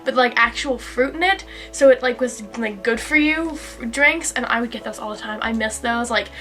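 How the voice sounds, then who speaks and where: A woman's voice: fairly high pitch, moderate pace, bright, forceful tone, faint music behind. A young woman from Kentucky chatting casually about studying abroad, acting out quotes as she tells stories. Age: young adult. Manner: chatty storyteller, acts out quotes. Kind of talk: casual chat.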